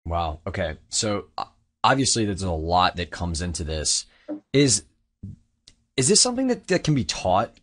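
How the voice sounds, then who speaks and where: A man hosting a conversational interview, asking casual, enthusiastic questions. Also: low-pitched. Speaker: interview host.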